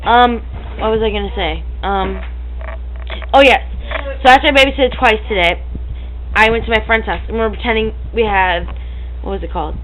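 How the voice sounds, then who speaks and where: A woman's voice: on the high side, fairly bright tone, a little hiss or hum, rough recording. A teenage girl chatting to a webcam at home, hyper and giggly, rambling and breaking into silly noises. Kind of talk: casual chat to camera.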